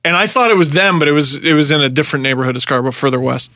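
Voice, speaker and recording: A young man from Canada, a podcast host telling a story in casual chat, animated and swearing freely. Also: fairly high pitch, very fast, no room sound, studio quality. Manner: animated, swearing, acts out shouted quotes.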